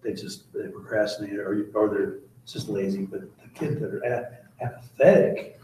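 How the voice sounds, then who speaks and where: A man's voice: fairly low pitch, steady tone, normal speed, warm tone, recorded from a distance, a little hiss or hum. Man heard from across an echoey classroom. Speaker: math teacher. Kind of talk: casual class discussion.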